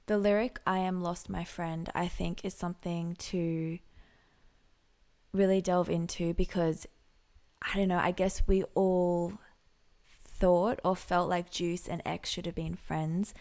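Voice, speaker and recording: Gravelly low-voiced woman musing softly. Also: level tone, slow. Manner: reflective, soft-spoken, drifting into whispered asides. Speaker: music reaction vlogger and singer. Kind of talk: casual reaction commentary.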